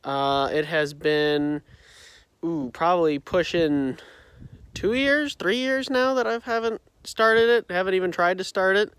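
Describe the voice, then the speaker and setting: A man's voice: sits high, measured pace, fairly bright tone, smooth, no echo. A man vlogging about fixing an old tractor, his voice muffled by a face mask, rambling with unsure asides and self-corrections, recorded on a phone in a farm building. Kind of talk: casual talk to camera. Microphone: phone camera.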